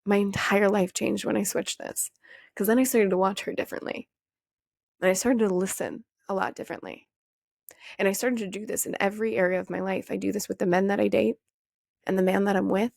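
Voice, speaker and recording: Speaking right into a close, dry mic with no room sound, a young woman hosts a podcast, delivering a casual motivational monologue. Her mid-pitched voice has a gravelly fry; she's brisk and animated, swears freely, and leaps up in pitch to mimic questions she once asked.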